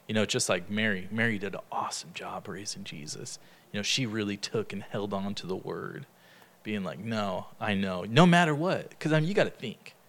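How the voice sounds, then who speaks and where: A man's voice: fairly low pitch, a little fast, creaky. Chatty man leading a Bible study. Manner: chatty, laughs often, retells stories in lively quoted dialogue. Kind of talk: casual Bible study teaching.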